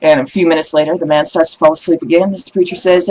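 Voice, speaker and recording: Man telling jokes, animated storyteller. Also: on the high side, quick pace, hardly any pauses, poor audio. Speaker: video blogger telling jokes. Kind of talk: casual joke telling.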